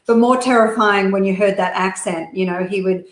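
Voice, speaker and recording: An Australian woman speaks as a guest over a video call, telling her stories quickly and animatedly with plenty of ums. Her voice sits in the middle of the range, and the room around her gives it a noticeable echo. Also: medium pitch. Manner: quick, animated storytelling with frequent fillers. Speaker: guest, business founder. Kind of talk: interview storytelling. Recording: roomy echo.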